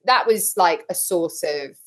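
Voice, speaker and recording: A woman talking as a podcast guest, telling her story frankly and with lively, blunt humour. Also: on the low side, measured pace. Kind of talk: casual interview chat.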